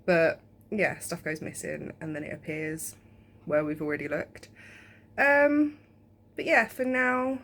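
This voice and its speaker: A woman's voice: sits low, unhurried, pauses often, a bit bright, a little hiss or hum. A young woman chatting casually in a home vlog, rambling with lots of ums. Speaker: vlogger. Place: home, indoors.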